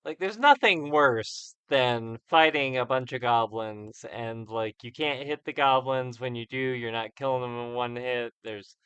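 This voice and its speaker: Bright, crisp-voiced man chatting over gameplay. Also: medium pitch, unhurried, few pauses, no echo, lo-fi sound. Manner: chatty, rambling, self-correcting. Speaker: let's play host. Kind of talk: casual game commentary.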